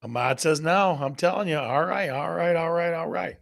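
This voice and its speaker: A man's voice: fairly high pitch, normal speed, gravelly, a bit bright. A man hosting a live real estate stream, playfully putting questions to viewers and reading out their answers. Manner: playful, repeats questions to the audience. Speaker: real estate show host.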